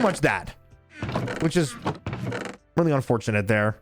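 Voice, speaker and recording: A man's voice: mid-range voice, sing-song, normal speed, over music. A young man streaming a game, chatting casually and rambling with heavy swearing. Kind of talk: casual chat while gaming.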